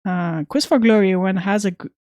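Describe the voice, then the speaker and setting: A woman's voice: medium pitch, moderate pace, warm tone, no room sound, studio quality. A woman chatting casually with viewers while streaming an old computer game, reading its text aloud now and then.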